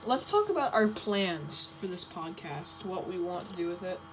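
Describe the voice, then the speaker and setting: A woman's voice: fairly low pitch, animated, moderate pace, slight background noise, rough recording. A young woman co-hosting a podcast in casual chat, often giggling and cutting in to steer the talk. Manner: giggly, interrupts to steer the conversation. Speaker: podcast co-host.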